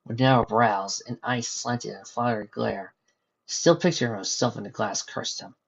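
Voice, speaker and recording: A man narrating a fan-fiction story in a steady storytelling manner, on a dull lo-fi recording. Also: mid-range voice, normal speed, gravelly, slightly rough.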